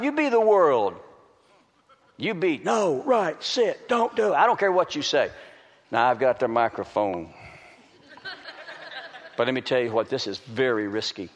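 A man preaching a sermon to a congregation, swinging between loud calls and hushed pleading. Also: high voice. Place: large hall with an audience. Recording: reverberant hall.

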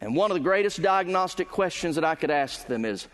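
High-voiced preaching man in a hall. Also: animated. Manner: emphatic preaching, swelling louder and higher at climaxes, slowing on key words. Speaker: pastor. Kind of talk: sermon. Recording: long reverb of a large hall.

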